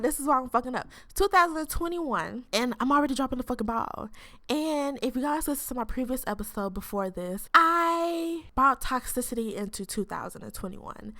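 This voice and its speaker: A young woman hosting her podcast alone, talking in a brash, foul-mouthed, joking way. Her voice sits at an ordinary pitch, and she talks in loose, casual chat. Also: sharp tone. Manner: brash, profane, joking banter. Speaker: podcast host.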